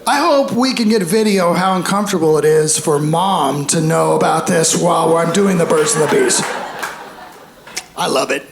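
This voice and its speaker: A man in his fifties performing a stand-up comedy set on a club stage, animated, acting out voices and shouting punchlines. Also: on the high side, normal speed, gravelly. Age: 50s. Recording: roomy live club sound with faint crowd noise. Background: audience laughter.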